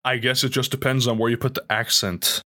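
A man's voice: mid-range voice, flat delivery, brisk, sharp tone. A young man co-hosting a casual podcast, reading rules aloud and adding jokey asides. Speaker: podcast co-host. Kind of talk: casual chat.

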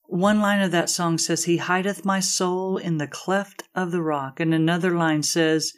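A woman hosting a Christian talk show, asking her guest questions in a slow, gentle way. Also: lowish voice, fairly even intonation. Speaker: host. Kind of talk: interview talk.

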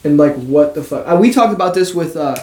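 A young man co-hosting a casual podcast chat, firing quick questions and reacting to stories. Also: on the high side, lively intonation, dark tone, distant mic. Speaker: podcast co-host. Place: attic room. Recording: roomy echo, off mic.

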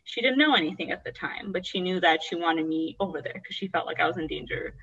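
A young woman talking through a painful personal story in conversation, earnest and halting, with lots of "like" fillers. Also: lowish voice, lively intonation, highs cut off, a loud crowd. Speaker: guest sharing her story.

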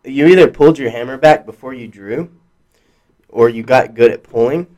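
A man's voice: mid-range voice, moderate pace, mellow. A young man co-hosting a podcast in casual chat, blunt and profane, often restarting his sentences. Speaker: podcast co-host.

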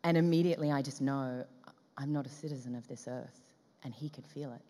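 An Australian woman guest telling stories in an interview, lively and acting out the dialogue as she goes. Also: rumbling low, fairly quick. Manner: lively, acts out dialogue in quotes, frequent laughs. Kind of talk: animated storytelling interview. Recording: long reverberant room sound.

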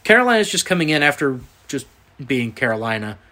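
A man's voice: medium pitch, big pitch swings, brisk, sharp tone. Man with a Southern drawl. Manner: reads out matchups, then banters. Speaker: podcast host. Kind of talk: casual sports podcast chat.

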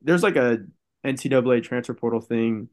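A young man sits in on a podcast as the guest and talks casually. He tells his stories at an easy, relaxed pace and fills them with "like." His voice sits at an ordinary middle pitch for a man. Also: fairly quick. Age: young adult. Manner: relaxed storytelling, heavy use of "like". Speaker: college football player guest.

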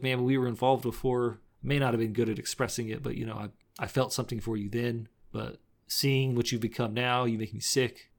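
Podcast co-host, male, mid pitch, giggly, narrates a film recap with quick character impressions. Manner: laughs often, recounts scenes with quick impressions. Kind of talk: casual movie recap chat.

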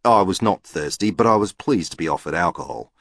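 A man's voice: low-pitched, animated, a little fast, a bit bright, no room sound, studio quality. A man narrating a novel in the first person with a precise, matter-of-fact manner. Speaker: audiobook narrator.

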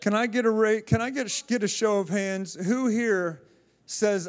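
A man's voice: high-pitched, steady tone, moderate pace, clean tone. A male pastor preaching a sermon, fervently exhorting the congregation with calls and responses and often repeating and restarting his phrases.

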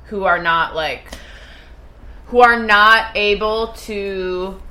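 A woman's voice: medium pitch, slow, sharp tone. A young woman co-hosting a podcast, chatting casually in a blunt, sweary, opinionated way. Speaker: podcast co-host. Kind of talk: casual chat.

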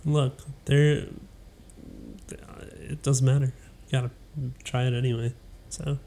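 A woman's voice: extremely low pitch, level tone, a little slow, warm tone, a little hiss or hum. A young woman co-hosting a podcast in easygoing, teasing casual chat, laughing often. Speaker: podcast co-host.

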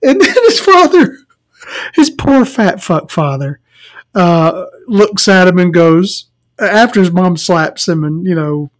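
A male movie reviewer rants about a film in a rambling, sarcastic, profane way, laughing at his own jokes while eating and drinking in a home recording. His high voice is animated but unhurried.

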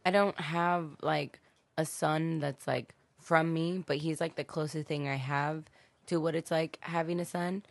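A woman's voice: low voice, fairly even intonation, unhurried, creaky, dry recording. A woman in her twenties, a podcast guest chatting candidly, swearing freely and acting out what people said. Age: 20s. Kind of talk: casual chat.

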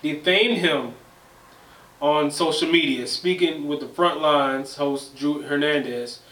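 A man's voice: a little high, slow, a bit bright, distant mic. A man co-hosting a casual podcast chat, laid-back, chiming in with short replies and reading out news items. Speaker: co-host. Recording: echoey room, voice off-mic, faint noise.

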